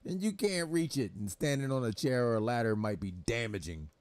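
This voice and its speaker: A man's voice: medium pitch, animated, fairly quick, dry recording. A young man hosting a livestream, reacting to clips in loose, laughing talk full of swearing. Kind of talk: casual profane reaction commentary.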